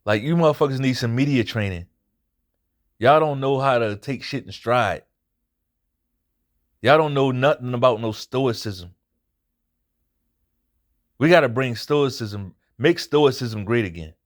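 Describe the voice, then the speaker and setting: A man hosts his own boxing commentary show and delivers a casual recap that turns into a blunt rant. His voice sits at an ordinary middle pitch. He swears freely and drives his points home by repeating them. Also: unhurried, pauses often. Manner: blunt, profane, emphatic, repeats points for emphasis. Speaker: boxing commentary channel host.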